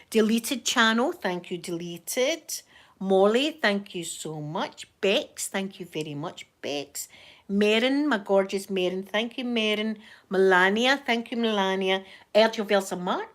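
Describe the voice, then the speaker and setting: A Scottish woman hosts a casual live stream, talking quickly and chattily. Her voice sits at an ordinary middle pitch. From Scotland.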